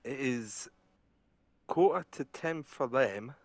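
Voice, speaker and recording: Calm man, mid-pitched, dry. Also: slow, no room sound. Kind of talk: casual chat.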